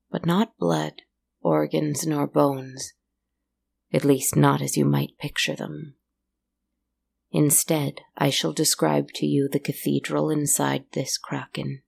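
Slow, creaky-voiced woman storyteller. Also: deep voice. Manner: calm, slow and measured. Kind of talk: storybook narration.

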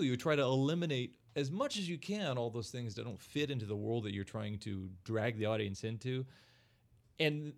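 A man's voice: mid-range voice, expressive, normal speed. A middle-aged man hosting a casual chat podcast, telling an anecdote and laughing as he talks. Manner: anecdotal storyteller, laughs while talking.

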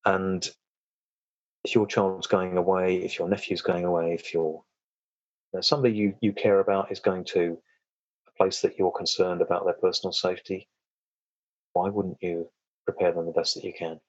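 Deep husky-voiced man, podcast guest. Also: flat delivery, normal speed, long pauses, no room sound, muffled recording. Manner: rambling, frequent restarts, chuckles. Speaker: podcast guest, self-defense and trauma coach. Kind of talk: casual interview chat.

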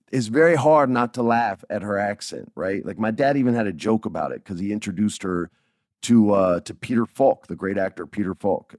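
A man hosting a podcast, telling a family story in a casual, animated way with frequent laughs. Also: on the low side, no room sound, clean studio sound. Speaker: podcast host.

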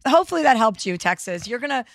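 A woman talking in a relaxed, unscripted way, blunt and liberal with swearing, with a playful edge. Her voice is recorded close and dry, with no room sound around it. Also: on the high side, quick pace, vocal fry, no echo. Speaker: podcast co-host giving advice. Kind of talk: casual chat. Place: Whistler.

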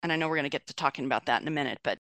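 A woman's voice: low-pitched, racing, dry recording. Chatty woman guest, dry close sound. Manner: chatty and animated, laughs often, acts out quoted thoughts. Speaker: author and podcast guest. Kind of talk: conversational interview.

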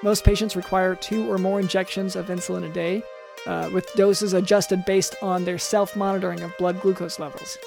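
A man's voice: high voice, little pitch movement, normal speed, creaky, music in the background. A man hosting a comedy podcast, reading medical facts in a matter-of-fact way between jokes. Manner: reads medical text, then jokes around. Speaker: host posing as a doctor.

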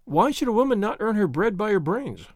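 A cool, quick-witted woman doctor, as a male narrator puts her on, answering in a dry, composed, gently ironic tone. The voice sits a little raised and lifts and falls with plenty of movement. It is close and dry, with no room sound. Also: high-pitched, big pitch swings, no echo, pitched above the performer's own voice. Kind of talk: audiobook character voice.

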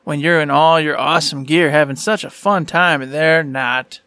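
A man's voice: fairly high pitch, moderate pace, sharp tone, dry recording. A young man co-hosting a casual gaming podcast, playful and teasing, whooping at his co-host.

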